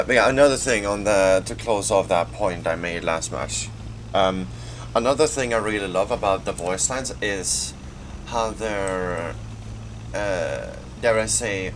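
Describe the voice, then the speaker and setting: A Swedish man, just woken up and a bit groggy, commenting casually on his gameplay with a laid-back, rambling manner and sudden loud outbursts. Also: on the low side, unhurried, background noise. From Sweden. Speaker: gaming channel host.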